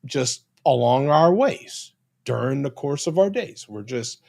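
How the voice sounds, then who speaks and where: An American man asking questions in a casual conversation, careful and measured in how he phrases them. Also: mid-range voice, lively intonation, gravelly, dark tone. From United States.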